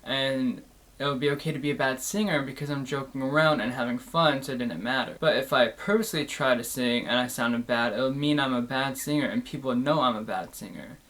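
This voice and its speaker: A man's voice: medium pitch, brisk, a bit bright. Young adult male host, mid-range voice, candid personal monologue, earnest and plain-spoken. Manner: earnest, reflective, plain-spoken with loose run-on phrasing.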